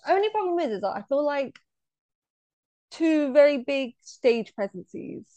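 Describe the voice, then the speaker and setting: An excitable woman co-host chats about films, with a fairly high voice. She gushes and laughs easily. The sound is dry and close, with no room around it. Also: a little slow, no echo. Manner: enthusiastic, gushing, laughs often. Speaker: podcast co-host. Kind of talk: casual podcast chat about films.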